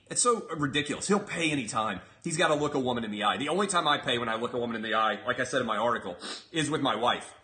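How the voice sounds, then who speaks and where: A man's voice: mid-range voice, sharp tone. A man hosting a comedic commentary show, ranting in a brash, profane, mocking way. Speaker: show host.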